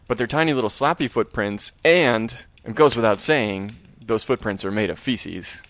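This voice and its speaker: A man with a mid-range voice co-hosts a casual podcast chat. He retells the story in an animated way and slips into little acted-out quotes along the way. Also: mid-range voice, normal speed, few pauses, no echo. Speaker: podcast co-host.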